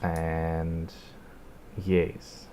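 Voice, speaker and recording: A man's voice: very deep voice, monotone, very slow, mellow, slight background noise. An Australian man casually commenting on his gameplay in a rambling, laid-back way, swearing and laughing now and then. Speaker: streamer.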